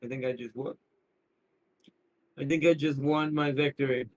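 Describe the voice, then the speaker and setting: A man's voice: mid-range voice, fairly even intonation, moderate pace, rough recording. A man streaming a strategy game, rambling through casual commentary with frequent laughs and restarted sentences. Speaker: gaming streamer.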